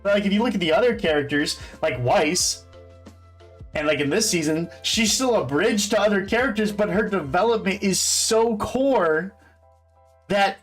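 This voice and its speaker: A man's voice: high voice, lively intonation, moderate pace, a bit bright, soft background music. A young man giving casual, rambling fan commentary on a show, full of fillers and restarts. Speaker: host.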